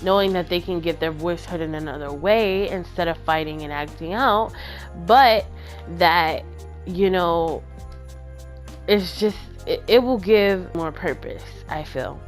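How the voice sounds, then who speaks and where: A woman's voice: on the low side, unhurried, faint music behind, natural voice. A woman voicing her insistent, encouraging female teacher, who pleads and persuades in a retold story. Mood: urging.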